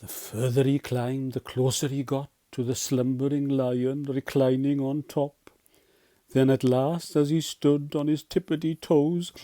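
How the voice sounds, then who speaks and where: A man reading a rhyming picture book aloud in a gentle, unhurried, expressive way. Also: medium pitch, dry recording. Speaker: storyteller.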